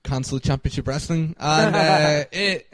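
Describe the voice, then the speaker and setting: A man's voice: on the high side, steady tone, measured pace, a bit bright, no echo. A young man co-hosting a podcast, rambling and laughing through a casual story with lots of fillers. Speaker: podcast co-host.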